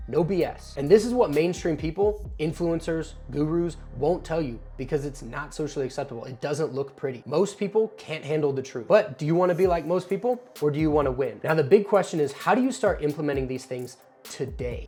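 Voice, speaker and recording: A man hosting a scripted motivational video, speaking bluntly and forcefully in a lecturing tone. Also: on the high side.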